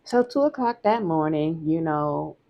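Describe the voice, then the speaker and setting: A woman's voice: low voice, lively intonation, a little slow, highs cut off. A woman telling a personal story in a candid, conversational vlog, often repeating herself for emphasis.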